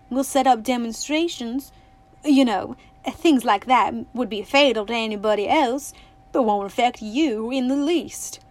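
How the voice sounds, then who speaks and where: A woman narrator gives voice to a scheming man in a yellow suit from a storybook. He talks easily, almost friendly, with a slick, persuasive edge. The voice sits a touch high. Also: lightly acted. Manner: easy, almost friendly, turning shrill and petulant.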